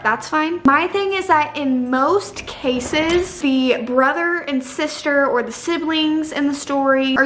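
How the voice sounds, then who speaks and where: A young woman with a fairly high voice chats about her opinions in a casual, dramatic way. She sounds like she is in an echoey room, with a faint hiss of noise behind her. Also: a bit bright. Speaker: book vlogger. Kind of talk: casual chat.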